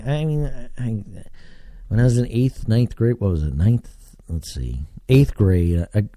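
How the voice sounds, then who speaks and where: An American man with a low, warm voice hosts a solo podcast, talking casually and digressing with lots of fillers. The studio-quality recording has no echo.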